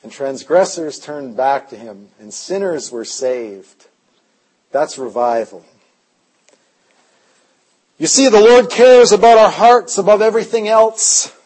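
Husky high-voiced male preacher telling stories. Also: slow pace, long pauses. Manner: animated, voice swinging between loud and hushed. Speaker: revival preacher. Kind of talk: storytelling sermon.

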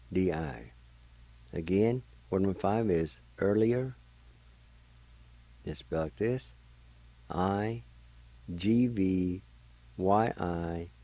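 Slow, low-voiced man teaching words. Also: dark tone, dry recording, rough recording. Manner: spells words letter by letter and repeats slowly. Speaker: radio host teaching language. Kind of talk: slow, deliberate language lesson.

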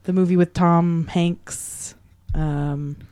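A woman's voice: fairly low pitch, fairly even intonation, slow, dark tone. A woman co-hosting a podcast in casual chat, giving short, dry replies. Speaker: podcast co-host.

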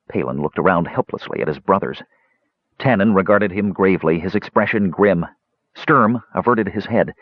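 A man narrating a fantasy story as an audiobook reader, telling it in an animated way. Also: sits low, no echo, lo-fi sound.

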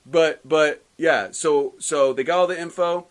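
A man co-hosting a casual podcast, recapping a comic book story with lively quoted lines and frequent restarts. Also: on the high side, slow pace, long pauses. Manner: animated storytelling, recapping plot with quoted voices. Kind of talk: casual chat.

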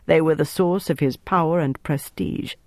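Male audiobook narrator, slightly high voice, steady measured pace. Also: dry recording.

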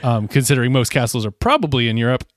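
A man playing through a gamebook, thinking aloud with wry, deadpan jokes. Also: mid-range voice, fast talker, no echo. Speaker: player in a gamebook session. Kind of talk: casual chat.

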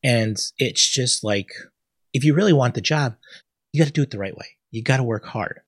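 Husky, blunt, ranting man host. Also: mid-range voice, moderate pace, no echo, studio quality. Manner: blunt and ranting, swears freely. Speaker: podcast host. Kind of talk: casual solo commentary.

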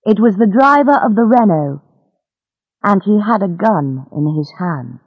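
Woman narrator for a learner audiobook; very slow, careful diction, dry and dull recording. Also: medium pitch, lively intonation, over music. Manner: slow careful clear reading. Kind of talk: graded-reader audiobook narration.

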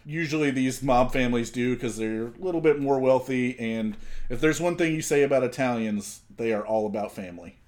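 A man's voice: medium pitch, fairly quick, a little mellow. A man co-hosting a podcast in easygoing casual chat, chuckling between lines and reading background facts. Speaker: podcast co-host. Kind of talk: casual chat with scripted segments.

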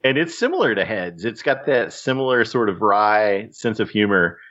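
A man's voice: on the low side, sing-song, normal speed, fairly bright tone, lo-fi sound. A man hosting a podcast in casual chat, rambling a little with fillers. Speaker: podcast host.

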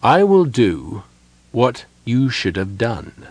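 A man voicing a cold, scheming elven wizard advisor in an audiobook, calm and self-assured. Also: medium pitch, takes it slowly, breathy edge, no echo, exaggerated voice.

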